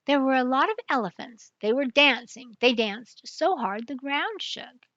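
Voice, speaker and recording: Older woman, storybook reading, slow and bright; dull dry recording. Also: sits high, no room sound. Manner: slow, clear, even reading. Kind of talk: reading a picture book aloud.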